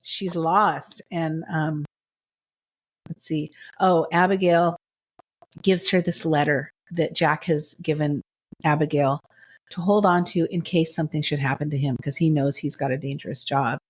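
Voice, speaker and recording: A woman with a deep voice co-hosts a podcast, recapping a TV drama in casual chat at a measured pace. Her intonation stays fairly even, yet she gushes with emotional enthusiasm.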